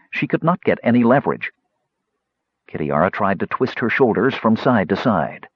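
A man narrating a fantasy audiobook in an expressive storytelling manner. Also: medium pitch, slightly rough, no room sound. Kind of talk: scripted narration. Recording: slightly dull lo-fi recording.

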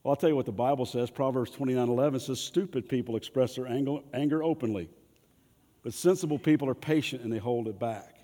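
Folksy preacher in a reverberant hall. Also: male voice, medium pitch, fast talker, warm tone. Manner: folksy, humorous preaching with audience prompts. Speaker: pastor. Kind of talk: sermon.

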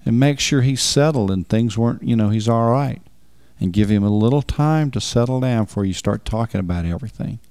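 A man's voice: mid-range voice, brisk, a little mellow, smooth, no room sound, studio quality. A man preaching on marriage in a folksy, emphatic way, repeating words for stress. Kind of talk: sermon.

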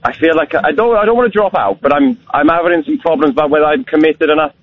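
A young man in his twenties calling a radio show in a put-on Welsh accent, energetic and stumbling over restarts. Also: on the high side, fast, gravelly, no echo. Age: 20s. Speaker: caller. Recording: tinny phone line.

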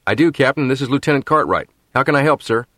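A man reading an audiobook, voicing a young army lieutenant who talks in brisk, clipped military speech. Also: medium pitch, animated, fairly bright tone, no echo, studio quality, voice pushed up. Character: young male army lieutenant, eager and bold.

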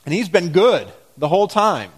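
A man's voice: sits high, very animated, normal speed, husky. Man preaching a reflective sermon. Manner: reflective, questioning the congregation, dramatic scripture reading.

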